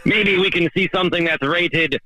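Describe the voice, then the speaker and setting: A loud hammy pirate captain. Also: male voice, high voice, fairly even intonation, moderate pace, pitched above the performer's own voice, poor audio. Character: boisterous male pirate captain, cheesy flirt.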